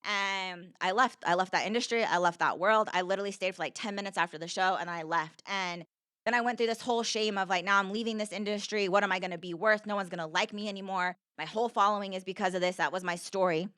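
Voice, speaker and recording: A woman's voice: mid-range voice, steady tone, fast talker, a bit bright, clean tone, no echo, studio quality. A young woman, a podcast guest, telling her story in an earnest, conversational way, repeating herself and filling with "like".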